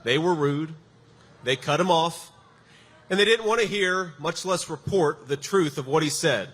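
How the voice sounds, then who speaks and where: A man's voice: a little high, unhurried, fairly bright tone. A man, a political candidate, delivering a campaign rally speech in a large venue, with punchy emphasis and sarcastic jabs. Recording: echoey hall sound with faint background noise.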